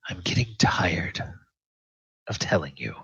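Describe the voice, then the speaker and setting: A man voicing a stern, weary male hobgoblin captain who threatens in a low, partly hushed way. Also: sing-song, takes it slowly, creaky, slightly rough, dry recording, exaggerated voice. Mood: menacing. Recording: slightly dull, dry audio.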